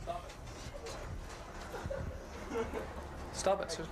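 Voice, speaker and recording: A man's voice: high-pitched, extremely slow, noisy background. A man hosting a comedy show, talking in a silly, playful, whiny way. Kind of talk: goofy studio banter and street pranks.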